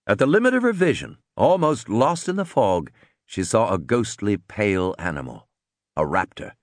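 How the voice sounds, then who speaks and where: A man narrating an audiobook in a dramatic, expressive way. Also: lowish voice, normal speed, no room sound.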